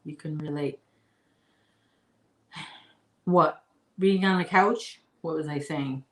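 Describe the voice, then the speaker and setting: Woman crochet vlogger, lower voice, casual chat, rambling, echoey room. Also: slow. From Chicago area. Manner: chatty and rambling, talks to her puppy in a high baby voice. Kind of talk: casual chat to live viewers.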